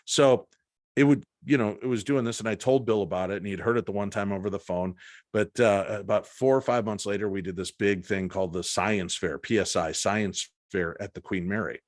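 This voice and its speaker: This podcast guest, a paranormal investigator, speaks fairly quickly in a fairly low voice as he relates an anecdote, acting out the quoted lines. The audio is clean studio sound without echo.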